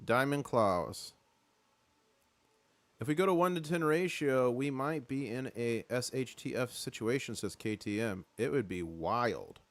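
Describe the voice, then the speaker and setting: A man hosting a casual live stream with excited market commentary, rallying his chat and reading out their comments. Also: mid-range voice, moderate pace, few pauses.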